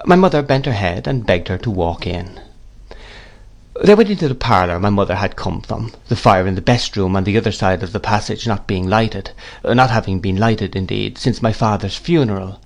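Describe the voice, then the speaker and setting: A man's voice: on the low side, moderate pace, vocal fry. Man reading a classic novel aloud. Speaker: audiobook narrator. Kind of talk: scripted narration of a classic novel.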